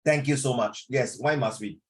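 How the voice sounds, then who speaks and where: A man's voice: mid-range voice, moderate pace. A middle-aged man, teaching an online class in a chatty, teasing way over a video call. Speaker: English tutor.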